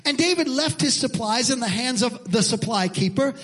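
High, husky-voiced male pastor preaching. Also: expressive, moderate pace, fairly bright tone. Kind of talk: sermon with personal story.

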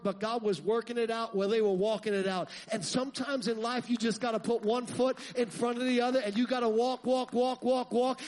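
A man preaching a sermon, asking the congregation rhetorical questions and building to loud, fervent passages. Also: very high voice.

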